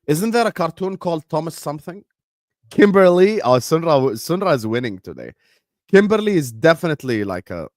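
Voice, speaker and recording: A man's voice: fairly high pitch, no echo, clean studio sound. A man whose first language is Arabic, hosting a football watchalong stream and bantering casually with his chat in a joking manner.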